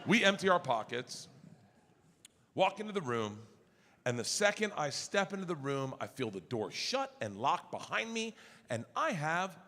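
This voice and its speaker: A male stand-up comedian telling a story on stage, loud and profane, acting out his family's voices. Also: on the high side, sing-song, measured pace. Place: large theater stage with audience laughter. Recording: live hall recording with ambient noise.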